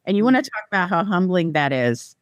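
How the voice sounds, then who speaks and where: A middle-aged woman from the American Midwest, talking as a real estate guest on a podcast, chatty and quick to laugh. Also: lowish voice, very animated, no room sound, muffled recording. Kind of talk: casual podcast chat.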